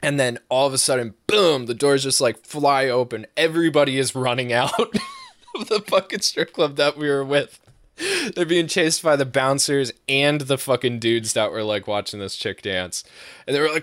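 A man's voice: medium pitch, big pitch swings, moderate pace, fairly bright tone, no room sound, studio quality. Rambling, profane young man telling stories. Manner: rambling and profane, with many fillers and "right?" tags, often breaking into laughter. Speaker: storyteller. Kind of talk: casual anecdote on a podcast.

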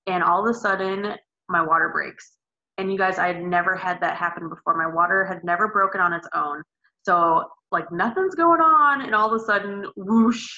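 A woman in her thirties telling a podcast host her birth story, animated and casual, swearing and acting out her own screams. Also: lowish voice. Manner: casual, swears and says "like" often. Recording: slightly dull lo-fi podcast audio.

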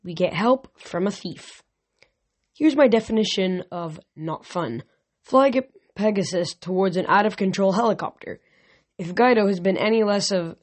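A man's voice: high-pitched, dry recording. Amateur male reader with a dry close sound. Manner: unpolished read with frequent restarts and self-corrections. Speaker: audiobook reader. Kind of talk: reading a novel aloud.

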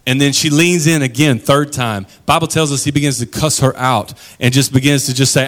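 A pastor giving a relaxed, chatty sermon, telling stories with plenty of slang and offhand asides. His voice is a man's voice of ordinary pitch, easygoing and conversational. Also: brisk, hardly any pauses.

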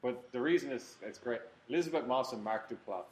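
A man's voice: medium pitch, brisk, darkish tone, reverberant. A man hosting a casual film chat show, running the segments and laughing easily.

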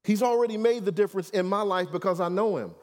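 Male pastor, storytelling sermon, chatty check-ins, somewhat high voice. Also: fast talker, darkish tone. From Detroit, USA. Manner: conversational, keeps checking in with "right?".

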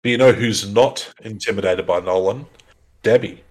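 Male podcast co-host, lowish voice, relaxed rambling recap. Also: moderate pace. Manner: rambling, filler-heavy storytelling. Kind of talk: casual recap chat.

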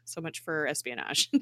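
A woman talks through a show's plot in a loose, chatty way, stopping often to laugh. Her voice is bright and a little low, recorded close and dry with no room sound. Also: no room sound. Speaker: podcast co-host recapping an episode. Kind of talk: casual episode recap.

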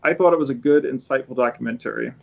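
A podcast host with a medium-pitched voice and vocal fry talks quickly in a casual, rambling chat. He restarts often and drops sarcastic asides, and the audio sounds dull.

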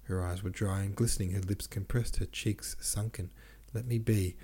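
A man narrating a classic novel aloud in a measured, steady reading. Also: low-pitched, slightly rough. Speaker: audiobook narrator.

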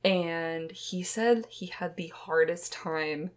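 A young woman co-hosting a podcast shares ghost stories in a loose, chatty, meandering way, using lots of fillers and staying close to the mic. Her voice sits on the low side and she talks slowly.

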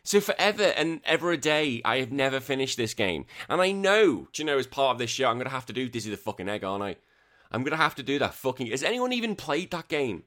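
A man with a medium-pitched voice talks fast while hosting a podcast. He chats casually and launches into exasperated, animated rants packed with swearing.

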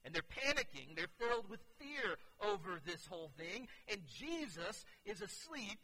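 A man pastor preaching a sermon to his congregation, swinging from hushed, quiet passages to loud, urgent outbursts. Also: high-pitched, sing-song, normal speed, poor audio. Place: church sanctuary.

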